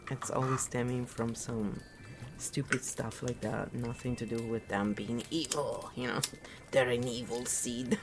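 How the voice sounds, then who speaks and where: A woman's voice: extremely low pitch, steady tone, unhurried, noisy background. A woman from Italy giving a casual, rambling spiritual talk, often laughing at her own jokes. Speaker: podcast host.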